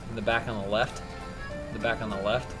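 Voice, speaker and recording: A man's voice: fairly low pitch, flat delivery, a little fast, a bit bright. A man hosting a gaming show, making dry sarcastic jokes while commenting on the game. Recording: game music in background.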